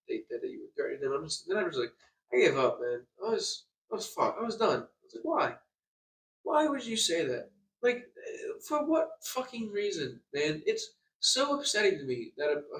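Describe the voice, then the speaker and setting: A man's voice: on the high side, a bit bright, slight background noise. A young man ranting in a vlog, heated and profane, often stumbling and restarting his sentences. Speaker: vlogger. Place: hotel room. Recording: echoey room, far from the mic.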